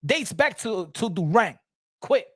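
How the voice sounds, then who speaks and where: Very high-voiced man ranting heatedly. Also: big pitch swings, a little slow, fairly bright tone, husky. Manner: heated, repetitive, profane ranting. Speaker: boxing commentary host. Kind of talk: casual ranting commentary.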